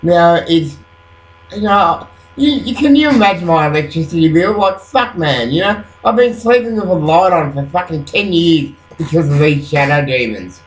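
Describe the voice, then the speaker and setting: A man's voice: on the high side, animated, normal speed. A man rambling at night into his webcam, agitated, swearing constantly and filling gaps with "you know". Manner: rambling, profane, agitated, full of fillers. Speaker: vlogger. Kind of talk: rambling late-night monologue. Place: at home at night after waking up. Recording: roomy echo.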